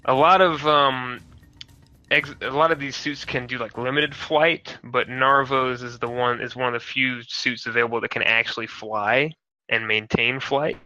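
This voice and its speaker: A man running a tabletop mech game as game master, casual and quick to laugh and swear. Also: medium pitch, steady tone, bright, forceful tone, highs cut off.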